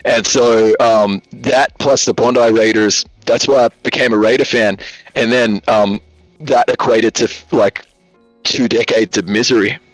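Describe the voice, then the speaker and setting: A man's voice: medium pitch, fairly even intonation, a little slow, no room sound, faint music behind, rough recording. Aussie guy rambling through a story on a call, jokey, dry close sound. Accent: Australian. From Australia. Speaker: guest. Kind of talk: casual interview chat. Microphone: video call.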